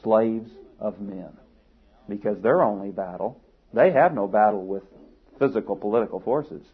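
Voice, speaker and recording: A man's voice: fairly low pitch, moderate pace, slightly rough. A man preaching a sermon, asking rhetorical questions and building to emphatic peaks. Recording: tinny phone-like sermon recording.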